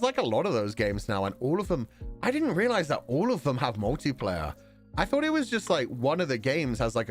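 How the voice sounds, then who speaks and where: A man with a Belfast accent streaming a casual chat, rambling and laughing often as he talks. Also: mid-range voice. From Northern Ireland.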